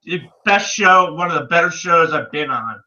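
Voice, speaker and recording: A man, co-hosting a casual online show, animated and swearing freely. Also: on the high side, moderate pace, lo-fi sound. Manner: animated, swears, calls people dude. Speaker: podcast co-host. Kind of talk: casual chat. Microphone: video call.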